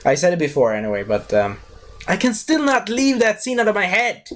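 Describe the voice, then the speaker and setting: A man's voice: high-pitched, wildly swooping pitch, a little fast, fairly bright tone. A young man reviewing a cartoon series in a loose, chatty, digressive way. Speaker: video reviewer. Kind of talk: casual rambling review.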